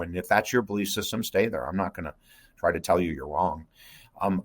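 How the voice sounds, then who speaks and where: This is an earnest, intense middle-aged man speaking as a guest on an interview show. His voice sits a little low. He tells an emotional personal story and keeps turning to the host by name. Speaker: guest, life coach.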